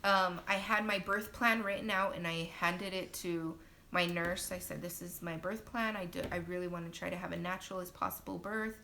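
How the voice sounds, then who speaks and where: A woman's voice: steady tone, moderate pace, gravelly, bright, forceful tone. A young woman and new mother casually telling her birth story to viewers on a livestream, chatty and talking straight to her audience. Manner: chatty, talks to viewers directly. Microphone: phone livestream. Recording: low-quality livestream audio with faint noise.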